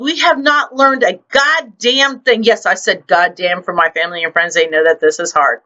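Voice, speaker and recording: Bright, blunt woman ranting on a vlog. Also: mid-range voice, normal speed, few pauses, dull audio. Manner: blunt, profane and indignant. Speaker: writer and vlog host. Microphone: computer microphone.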